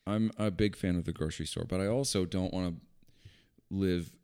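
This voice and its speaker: A man's voice: sits low, steady tone, moderate pace, dark tone, clean tone. A man chatting casually as a podcast co-host, joking around and reacting often. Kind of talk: casual chat.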